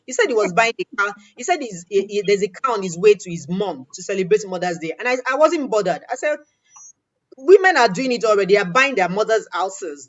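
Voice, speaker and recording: Animated woman host, lo-fi sound. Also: medium pitch. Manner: animated, quotes others in acted-out dialogue. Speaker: interview host. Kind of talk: storytelling in a conversational interview. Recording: dull lo-fi audio.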